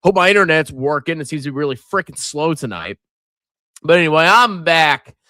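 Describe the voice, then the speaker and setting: Bright and a little high, this middle-aged man's voice comes fast and pushed, full of expression, in a clean, echo-free studio recording. He hosts a laid-back livestream from coastal Virginia, cracking sarcastic jokes with dramatic shifts in tone.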